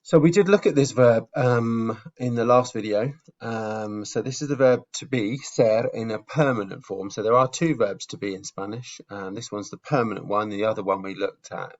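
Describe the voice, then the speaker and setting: Low, gravelly male teacher, patient and step-by-step, dull lo-fi sound. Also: moderate pace. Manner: patient, explains step by step with fillers. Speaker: Spanish teacher. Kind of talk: casual video lesson.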